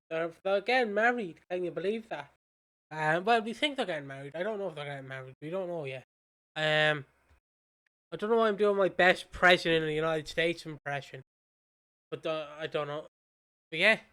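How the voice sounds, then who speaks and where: Smooth-voiced British man, rambling. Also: a little high, a bit bright. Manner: rambling, with many fillers. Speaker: podcast co-host. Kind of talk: casual chat recapping a soap.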